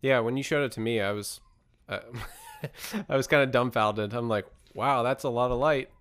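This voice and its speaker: Relaxed man chatting on a podcast. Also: medium pitch, normal speed. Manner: relaxed, thinks aloud with fillers and soft laughs. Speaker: podcast co-host. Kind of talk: casual chat.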